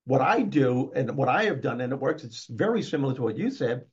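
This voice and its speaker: A man's voice: mid-range voice, sing-song, fairly quick. An older man, a motivational speaker and guest, talking emphatically and upbeat in a conversational interview. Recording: dull lo-fi recording.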